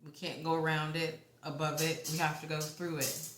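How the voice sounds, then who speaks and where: A young woman giving a casual tarot reading, talking in a halting, rambling way with the odd swear word. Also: sits low, level tone, fairly bright tone, roomy sound, a little hiss or hum. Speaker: tarot reader.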